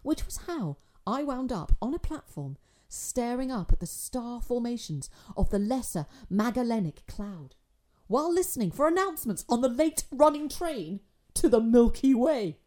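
A woman's voice: fairly high pitch, big pitch swings, moderate pace, mellow. Wry woman narrating a story.

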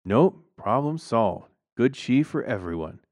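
A man's voice: medium pitch, animated, measured pace, darkish tone, dry recording, clean studio sound. A man voicing an easygoing, unbothered stoner neighbor in a storybook reading. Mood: laid-back.

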